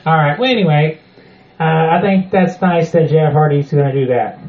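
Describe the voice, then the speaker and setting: A man's voice: a little high, normal speed, echoey room, highs cut off. A man hosting a wrestling news podcast, opening with announcer-style introductions and reading news items. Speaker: podcast host. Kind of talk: casual wrestling news chat.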